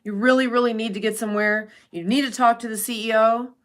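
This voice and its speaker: A woman's voice: fairly high pitch, steady tone, fast. Brief: woman livestream host, casual chat, blunt and profane, talks straight at viewers by name. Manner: blunt and profane, chatty, reads out viewer names.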